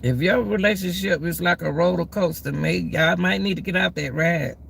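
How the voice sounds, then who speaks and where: A woman's voice: lowish voice, moderate pace, vocal fry, fairly bright tone, a little hiss or hum. A woman giving relationship advice to her viewers, in a preachy, repetitive way. She drawls her key words and keeps calling her listeners "y'all.". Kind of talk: casual advice talk to viewers. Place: outdoors in the cold.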